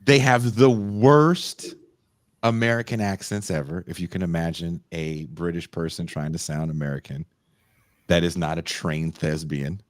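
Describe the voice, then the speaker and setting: A male podcast host telling a long story in a loose, profane, animated way. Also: low voice, moderate pace, no room sound. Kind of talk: casual storytelling chat.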